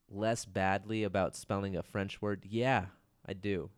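A man's voice: sits low, normal speed. A man hosting his own podcast, talking in a rambling, self-mocking way, swearing often and saying "dude" a lot. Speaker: podcast host. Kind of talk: casual solo podcast monologue.

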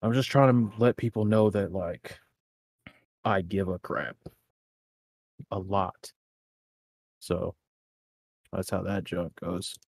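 A young man talking easily with friends, his voice sitting a little low. His delivery is loose and slangy, full of filler words. The sound is close and dry, with no room echo. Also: fairly even intonation, takes it slowly, gravelly, long pauses, a little mellow. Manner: laid-back and slangy, heavy on filler words. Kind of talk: casual chat.

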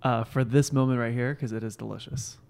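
A man's voice: mid-range voice, fairly even intonation, brisk, gravelly, a little mellow, clean tone. A young man from California hosts a laid-back podcast with a teasing, smug edge. He banters loosely and enjoys needling the others. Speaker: podcast host and editor.

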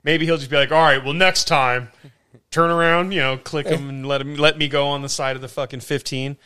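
Male co-host, high-ish smooth voice, profane yarn-spinner who mimics himself loudly. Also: fairly even intonation, fairly quick. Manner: profane storyteller, mimics himself in loud quoted bursts. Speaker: podcast co-host. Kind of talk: casual chat.

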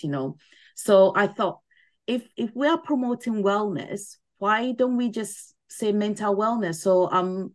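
A middle-aged woman speaking as a podcast guest, explaining things earnestly in a casual interview and often adding "you know". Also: medium pitch. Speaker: podcast guest, mental wellness ambassador.

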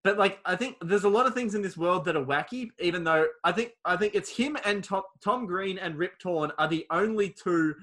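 A man's voice: high-pitched, a little fast, hardly any pauses, a bit bright. A man, casually recapping a film on a podcast, swearing freely and acting out quoted lines. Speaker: podcast co-host.

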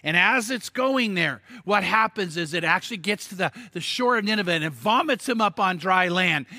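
Man, pastor, sermon, high pitch, bright tense tone, stammering restarts, emphatic bursts. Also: moderate pace, no echo, studio quality. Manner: animated storytelling with stammered restarts and sudden emphatic outbursts.

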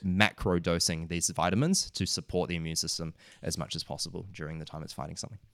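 Deep-voiced New Zealand man, casual guest. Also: fast, a bit bright, no room sound. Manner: rambling, earnest, lots of filler words. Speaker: podcast guest, wellness coach. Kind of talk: casual podcast conversation.

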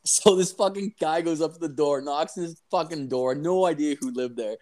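Swearing, animated young man telling stories. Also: fairly high pitch, normal speed. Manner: heavy swearing, animated storytelling. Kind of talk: crude casual chat.

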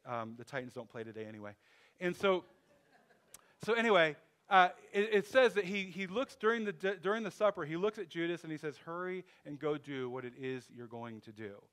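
A man's voice: a little high, brisk, fairly bright tone. A man preaching a sermon in a loose, conversational way, thinking aloud with restarts and asides. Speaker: pastor.

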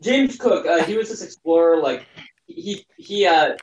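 Quirky, gimmicky young guy, played by a man, excitable rambler, slightly high voice. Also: measured pace, roomy sound, low-quality recording. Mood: storytelling. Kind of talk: improvised comedy podcast.

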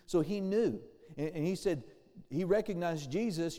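High-voiced preaching man in a reverberant hall. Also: normal speed, dark tone. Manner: preaching with call-and-response amens, acting out quoted voices. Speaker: pastor. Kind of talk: sermon.

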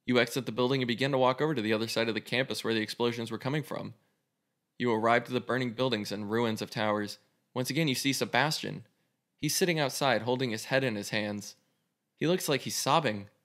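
A man's voice: mid-range voice, fast talker, fairly bright tone. Man casually reading a story aloud. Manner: casual, swears freely while reading. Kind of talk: reading a choose-your-own story aloud.

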